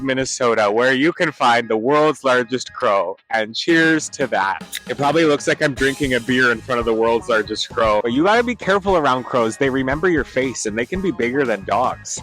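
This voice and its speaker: A man hosting a comedic travel vlog outdoors at roadside attractions, talking in a campy, playful way full of puns and quick asides. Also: medium pitch, a bit bright.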